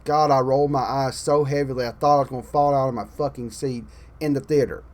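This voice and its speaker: A man ranting about a film in casual online commentary, swearing often and swinging between loud outbursts and muttered asides. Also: mid-range voice, fairly quick. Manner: profane, exasperated ranting; animated, swings loud and soft. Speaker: channel host.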